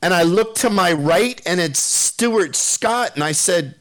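A man's voice: high voice, expressive, a little slow, fairly bright tone, a little hiss or hum. A middle-aged man telling a story on a radio show, laughing often and acting out the quotes.

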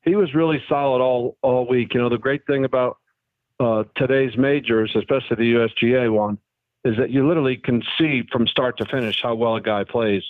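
A man's voice: mid-range voice, fairly even intonation, no room sound. Man on a tinny phone line. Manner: halting, frank, wry. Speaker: former pro golfer guest. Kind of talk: phone-in radio interview.

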